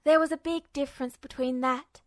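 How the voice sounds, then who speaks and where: A woman reading fan fiction aloud as a podfic narrator, in a measured, steady way. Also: high-pitched, no room sound, studio quality. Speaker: podfic reader.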